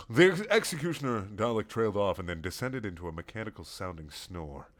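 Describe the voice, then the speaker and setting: Man reading a silly story aloud, lively. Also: on the low side, brisk, few pauses. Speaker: reader. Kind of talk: reading fan fiction aloud.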